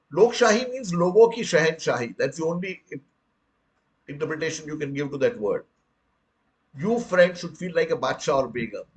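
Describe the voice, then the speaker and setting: A man's voice: high voice, rough recording. An older man from India with an Indian English accent gives an earnest public lecture full of rhetorical questions and addresses his listeners as friends. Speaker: guest speaker.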